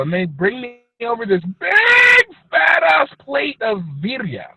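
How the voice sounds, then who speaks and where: A high-voiced, bright man tells stories in a casual podcast chat, swearing a lot and playing up the drama. His voice is husky, and the lo-fi recording is dry. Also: a little slow, hardly any pauses, dry recording. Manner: animated storyteller, swears a lot, mock-emotional. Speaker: podcast co-host.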